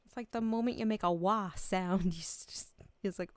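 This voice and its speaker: A woman's voice: mid-range voice, normal speed, no room sound. A woman streamer chatting casually on a livestream, emotional and close to tears, laughing often and swearing freely. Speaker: VTuber streamer.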